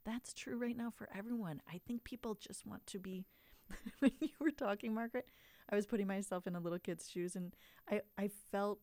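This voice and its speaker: A woman hosting a podcast, talking in a warm, expressive way with emotional emphasis. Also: mid-range voice, fairly quick, dry recording. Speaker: podcast host. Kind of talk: casual conversation.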